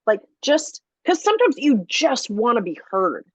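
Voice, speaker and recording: A woman's voice: fairly high pitch, big pitch swings, unhurried, no room sound. A woman hosting a podcast in a casual conversation. She talks frankly and thoughtfully and swears freely. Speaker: podcast host. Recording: dry, slightly muffled audio.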